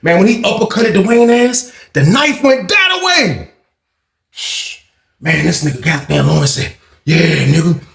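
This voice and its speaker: A man hosting a storytime channel, telling a prison story in a profane, excitable way and acting out the fights with sound effects. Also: sits high, a little slow, gravelly. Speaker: storytime host. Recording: roomy echo.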